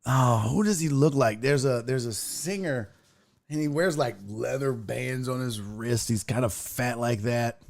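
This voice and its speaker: A young adult man hosting a live stream, telling stories in an animated, profane way and acting out the people in them. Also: medium pitch, measured pace, creaky. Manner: animated storytelling with profanity and acted-out voices. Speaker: streaming show host. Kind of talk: casual live-stream chat.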